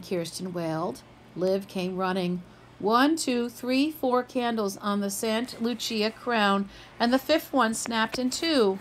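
A woman's voice: on the high side, expressive, slow, a little hiss or hum, poor audio. A woman reading a children's picture book aloud, lifting her voice for the characters' quoted lines. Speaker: storybook reader.

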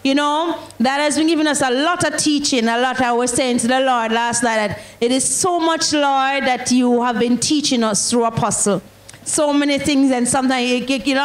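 Woman sharing her testimony at church, earnest and thankful, slightly high voice, echoey room. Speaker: congregation member giving testimony. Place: church service.

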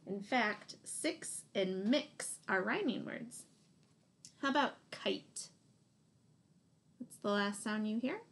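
A woman's voice: medium pitch, lively intonation, a bit bright. A woman teacher giving a phonics lesson to young children, sounding out letters and praising answers. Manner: slow, encouraging, sounding out letters.

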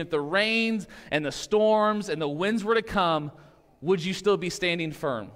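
A man's voice: high voice, measured pace, a bit bright, big-room sound. A man preaching a sermon in a church sanctuary, casual and conversational, often checking in with the congregation. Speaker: pastor.

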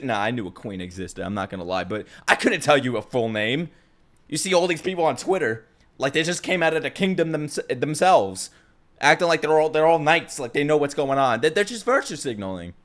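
A young man with a New York accent vents straight to his viewers in an exasperated, profane rant. His pitch leaps up and drops back down as he argues. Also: fairly bright tone. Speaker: YouTuber. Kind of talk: ranting vlog.

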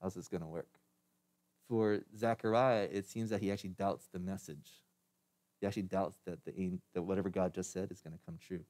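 A man's voice: sits low, fairly even intonation, brisk, darkish tone. A man preaching a sermon as pastor, in a conversational way with restarts and light laughs.

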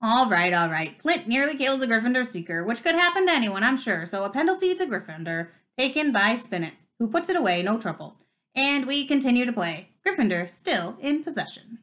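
Played by a woman, an excitable teenage boy commentator rings out high and loud, stretching his calls slowly. The storybook voice climbs well above her usual reading tone. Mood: excited.

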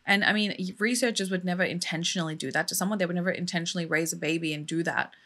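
A woman's voice: fairly low pitch, fairly even intonation, rapid-fire, bright, forceful tone. Indignant, emotional woman vlogger. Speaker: true crime vlogger. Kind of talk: casual storytelling vlog.

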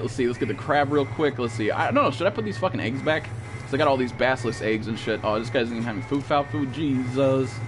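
A young man rattles off quick, swear-heavy commentary while streaming a game, bluntly lecturing his chat. His voice sits at an ordinary middle pitch, with faint music running underneath. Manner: profane, blunt, scolding chat viewers. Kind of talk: live gameplay stream commentary.

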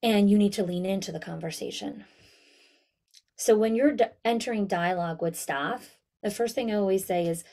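A woman coaching school leaders in an online town hall, talking directly and lively to her audience. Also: medium pitch, moderate pace. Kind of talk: webinar talk.

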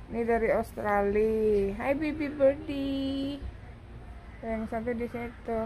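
A woman vlogging casually, cooing at birds in a high baby voice. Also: measured pace, dark tone, a little hiss or hum. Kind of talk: casual travel vlog.

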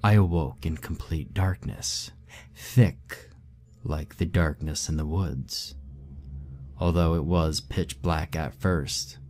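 A man with a deep, mellow voice reads a scary first-person tale. His delivery is steady and somber, keeping a slow, even hold on the listener. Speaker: narrator. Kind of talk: horror story narration.

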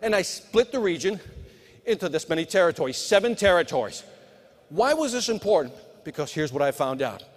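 A middle-aged man speaks from a conference stage in a high, punchy voice, firing sales advice straight at the audience. His words ring out with a long tail of reverb from the large hall. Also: sing-song, brisk. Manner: punchy motivational delivery, talks to the crowd. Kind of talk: live conference keynote.

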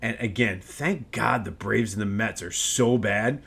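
A man's voice: on the low side, measured pace, gravelly, a bit bright, husky. A man hosting a casual solo sports podcast, ranting in a worked-up way with many restarts.

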